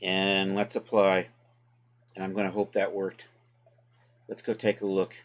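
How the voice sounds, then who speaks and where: A man's voice: deep voice, a little slow. A man hosting a live tutorial stream, talking casually to his chat as he works through steps and thinks aloud. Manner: relaxed, chatty, talks to chat while working. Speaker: livestream host and 3D software tutor.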